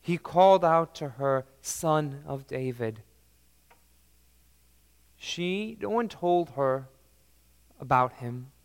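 A man preaching a sermon emphatically, swinging between loud declarations and soft, low lines. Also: expressive, slow pace, clean tone, big-room sound.

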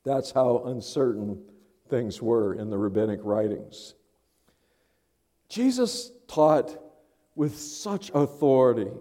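A man's voice: medium pitch, dark tone, big-room sound. A male pastor preaching a sermon in a conversational, thinking-aloud manner.

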